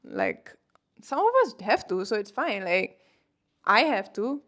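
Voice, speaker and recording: A woman's voice: medium pitch, very animated, unhurried, fairly bright tone. A woman in her twenties, a manifestation coach talking casually to camera, chatty and filling her talk with "like" and "you know", laughing often. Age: 20s.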